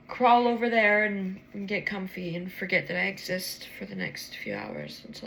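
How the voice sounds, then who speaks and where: Sleepy woman vlogging a late-night tarot pull, crisp bright voice with vocal fry, talks to herself and curses a lot. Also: mid-range voice, expressive, moderate pace, few pauses, a little hiss or hum. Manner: rambling, swears freely, talks to herself. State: tired, yawning. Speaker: tarot reader.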